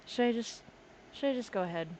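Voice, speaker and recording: Female streamer, casual and playful, doting tone with her pet, desk mic, faint noise floor. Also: fairly high pitch. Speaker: game streamer. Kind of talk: casual live-stream chat. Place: home desk indoors. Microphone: desk microphone.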